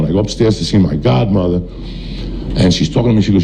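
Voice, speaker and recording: A middle-aged man from New Jersey doing stand-up storytelling on stage before a live audience, blunt and profane, talking in quick bursts. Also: on the low side, vocal fry, background noise. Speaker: stand-up comedian.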